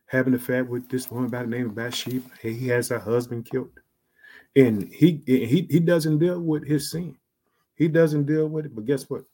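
A man preaching an online sermon with emphatic asides, swinging between loud and soft, drawing out key phrases slowly. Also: mid-range voice. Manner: emphatic, repeats "guess what" and "check it out".

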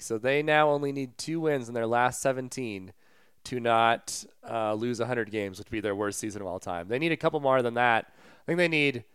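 This is a man co-hosting a sports podcast in a loose, chatty way. His voice is very clean and smooth. The sound is close and dry, with no room around it. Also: medium pitch, fairly bright tone, dry recording. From Colorado. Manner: conversational, retells stories with asides and fillers. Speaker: podcast co-host. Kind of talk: casual sports podcast chat.

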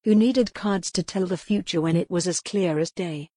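A woman narrates a story for an audiobook at a calm, measured pace. Her voice is on the low side. The recording is dry and close. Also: no room sound.

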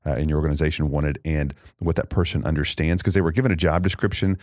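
A man's voice: rumbling low, fairly even intonation, a little mellow, no echo, studio quality. A man on a podcast talking in a rambling conversational way, asking for stories. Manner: quick, rambling with fillers and restarts.

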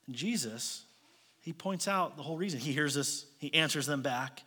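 A man preaching a sermon in a bright, forceful voice, pitched slightly above the usual male range. He talks conversationally, pressing his listeners with pointed questions and slipping in light jokes. His voice carries a long reverb from a large church hall. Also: moderate pace, slightly rough. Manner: light joking asides. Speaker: pastor.

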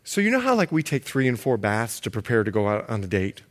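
A man preaching a sermon, animated and playful, swinging between loud and hushed. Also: mid-range voice, fast talker. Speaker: pastor.

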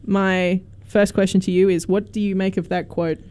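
A young woman hosts a casual radio music chat. Her voice sits at an ordinary middle pitch and she talks in a loose, chatty way, often laughing as she tosses questions to her co-hosts. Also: level tone, normal speed, warm tone, clean tone. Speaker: radio host.

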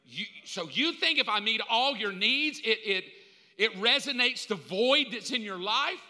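A man's voice: very high voice, animated, unhurried, pushed and bright, big-room sound, full character voice. A man playing God the Father, questioning in disbelief. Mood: incredulous.

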